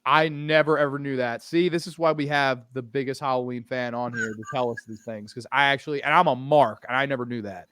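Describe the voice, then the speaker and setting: A man hosting a casual podcast chat, gushing with excitement and swearing freely. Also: medium pitch, brisk, few pauses, smooth, no room sound, studio quality. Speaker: podcast host.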